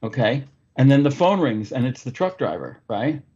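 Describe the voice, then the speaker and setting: A man's voice: medium pitch, normal speed, slightly rough, muffled recording. A man hosting a podcast, telling stories in casual, profane chat. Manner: profane, animated storyteller. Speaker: podcast host.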